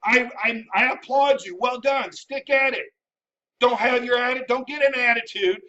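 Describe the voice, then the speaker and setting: Guy ranting and cussing at viewers, real high bright voice, dull far-off sound. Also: normal speed. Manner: combative, profane, scolding, shouts at times. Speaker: vlogger, army veteran. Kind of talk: ranting commentary to camera. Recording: dull sound from a distant mic.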